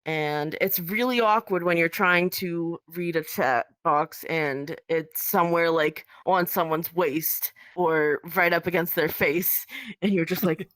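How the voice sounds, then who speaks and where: A woman speaking as a podcast guest in casual conversation, hesitant with many pauses and ums. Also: fairly low pitch, a bit bright, no echo, studio quality.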